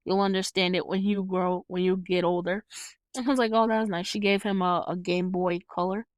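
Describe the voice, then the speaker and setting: Animated woman recapping a movie. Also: lowish voice, fairly quick, no echo. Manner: animated retelling, acts out scenes, laughs often; swears freely. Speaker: host reviewing a movie. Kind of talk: casual solo commentary.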